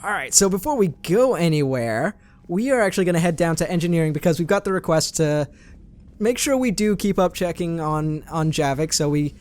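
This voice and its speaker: A man's voice: on the high side, lively intonation, a little fast. A man hosting a let's play, chatting casually and reading in-game messages aloud with his own asides. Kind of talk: casual gameplay commentary.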